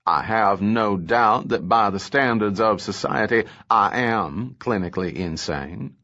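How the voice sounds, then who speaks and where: A smug, languid villain, as an audiobook narrator plays him, low and unhurried, every word drawn out with cool menace. The recording sounds dull and lo-fi. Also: male voice, sharp tone. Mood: menacing. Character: cold, languid male villain, pleased with himself.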